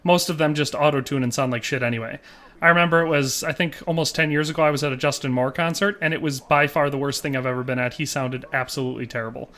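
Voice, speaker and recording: A male streamer chatting casually while he plays, reading out viewer comments and wandering into joking stories. His voice is bright and forceful and sits a little high. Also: steady tone, fast. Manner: joking, rambling storyteller. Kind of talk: casual chat while gaming.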